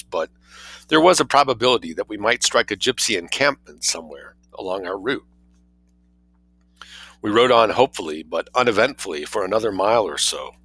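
Man, low gravelly voice, expressive storytelling, lively pitch, dry close sound. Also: no echo, poor audio. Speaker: reader. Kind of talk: audiobook narration.

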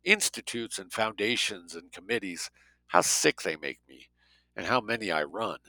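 A man's voice: lowish voice, lively intonation, normal speed, pushed and bright, no echo, poor audio. Man reading a blunt sardonic financier man. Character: wary rich male financier, blunt.

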